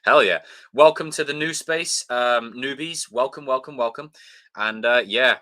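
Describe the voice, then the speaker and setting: Wrapping up his live stream, a young man chats loosely, curses and calls out viewers by name to thank them. He speaks unhurriedly in a medium-pitched voice with a sharp tone.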